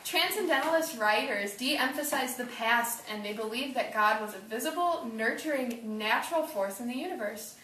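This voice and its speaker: A woman's voice: on the high side, lively intonation, normal speed, few pauses, pushed and bright, a little hiss or hum. A teenage girl chatting through a class project, dropping "like" often. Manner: chatty, with filler "like". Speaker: student presenter. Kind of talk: casual class project video. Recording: echoey room from far off.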